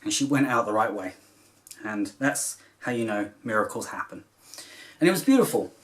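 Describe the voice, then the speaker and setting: A man's voice: fairly low pitch, expressive, moderate pace, background noise. A man who vlogs about cross stitch talks to camera in a casual, rambling, heartfelt way, with many filler phrases along the way.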